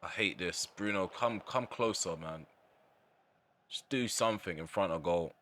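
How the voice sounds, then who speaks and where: A man's voice: deep voice, measured pace, fairly bright tone, a little hiss or hum. Frustrated man ranting over gameplay. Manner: exasperated, ranting about the match. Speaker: gaming channel host. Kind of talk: live gameplay commentary.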